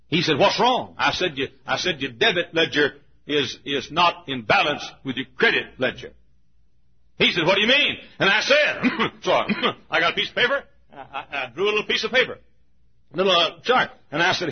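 An older man preaching a sermon, telling a story and acting out the voices, shouting at the high points. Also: breathy edge. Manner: animated, acts out voices, shouts at peaks. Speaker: pastor. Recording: muffled lo-fi recording.

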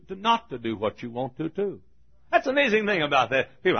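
Older male preacher, husky, folksy and chuckling, lively ups and downs in pitch; dull lo-fi sermon recording. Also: moderate pace. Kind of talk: sermon storytelling.

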